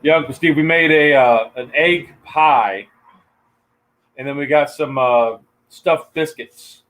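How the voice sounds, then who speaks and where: A man's voice: on the high side, fairly bright tone, low-quality recording. A man hosting a family cooking livestream, talking in an easygoing way that halts often on fillers. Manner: easygoing, halting with many fillers. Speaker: cooking show host. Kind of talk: casual livestream chat.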